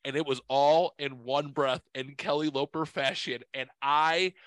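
A man hosting a podcast, telling a story in a casual, profane, animated way and acting out what others said. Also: a little high, a little slow, clean tone, dry recording. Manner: profane, animated, quotes people in voices. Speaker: podcast host.

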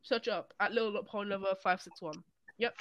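A young man, co-hosting a casual podcast chat, animated and sweary as he tells stories. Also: sits high, fairly quick, noisy background. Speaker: podcast co-host.

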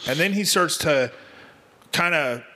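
A man's voice: a little high, lively intonation, measured pace, pushed and bright. A man co-hosting a casual podcast, talking bluntly with slang like "dude". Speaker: podcast co-host.

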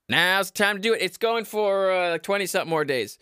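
Loud, ranting comedy podcast man. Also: a little fast, clean tone, no room sound, studio quality. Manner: loud, high-energy, shouty and profane; sarcastic, self-mocking.

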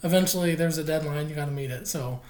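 A woman co-hosts a casual podcast with a fairly low voice. She talks in an opinionated, animated way and laughs easily. She sounds like she is in an echoey room. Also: fast, a little hiss or hum. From Oklahoma. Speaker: podcast co-host. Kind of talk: casual chat.

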